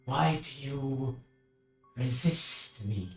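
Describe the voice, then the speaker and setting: A man voicing a hushed, looming shrouded giant. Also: mid-range voice, extremely slow, gravelly, reverberant, faint music behind. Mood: cold menace. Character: giant shrouded death-like being, cold and menacing.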